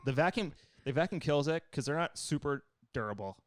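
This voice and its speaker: A man's voice: on the high side, brisk, no room sound, clean studio sound. A young man co-hosting a podcast, telling a rambling, profane story in casual chat. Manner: storytelling, profane, animated retellings. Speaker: podcast co-host.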